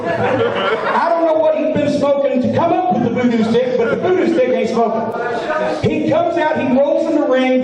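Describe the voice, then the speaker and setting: A man animatedly telling a comic story live on stage, shouting and laughing between lines. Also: very high voice. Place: large live venue. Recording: echoey hall from far off, with crowd. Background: audience laughing.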